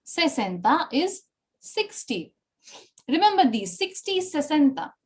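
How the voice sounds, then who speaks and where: A woman's voice: sits high, sing-song, a little slow, darkish tone. A woman with an Indian English accent teaching an online Spanish class, repeating numbers and praising students often.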